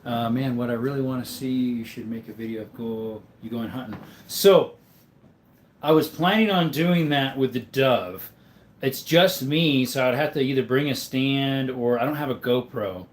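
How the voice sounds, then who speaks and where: A man from Arizona talks loosely with his live chat, filling gaps with ums. His throat sounds rough and dry, and he speaks into a phone camera set on a stand. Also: mid-range voice, moderate pace. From Arizona, USA. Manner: rambling, with many ums and laughs. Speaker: livestream host. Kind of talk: casual livestream chat, answering viewer comments.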